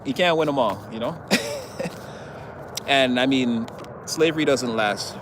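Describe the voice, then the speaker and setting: A man's voice: mid-range voice, measured pace, noisy background. A man giving a casual tarot reading in a chatty, rambling way, laughing often. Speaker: tarot reader.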